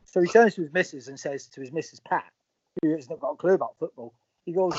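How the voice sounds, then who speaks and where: A slightly high, husky male voice tells casual stories as an interview guest and acts out the dialogue of the people in them. The audio sounds dry and a little muffled. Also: fast, no echo. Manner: animated storyteller acting out quoted dialogue. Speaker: former footballer, interview guest. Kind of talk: casual anecdotal storytelling.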